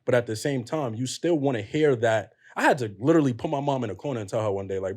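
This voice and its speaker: A man's voice: medium pitch, animated, fast talker, hardly any pauses, darkish tone. A young adult man talking as a podcast guest, earnest and slangy, opening up about family. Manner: earnest, opens up emotionally, slangy. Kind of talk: casual chat.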